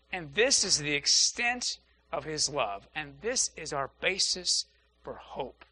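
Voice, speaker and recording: A man's voice: high-pitched, bright, forceful tone. A man, a pastor, preaching an earnest Sunday sermon and repeating phrases for emphasis. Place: church.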